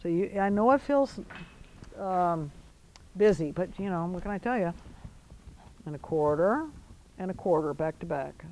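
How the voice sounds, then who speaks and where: A woman riding instructor coaching a rider in an arena, giving brisk commands mixed with encouragement. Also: on the low side, animated, dark tone, a little hiss or hum, rough recording.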